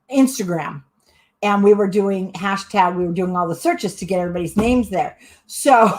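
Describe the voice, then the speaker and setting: A middle-aged woman hosting a live crafting stream, chatty, excitable and often breaking into giggles. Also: mid-range voice. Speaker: crafting channel host.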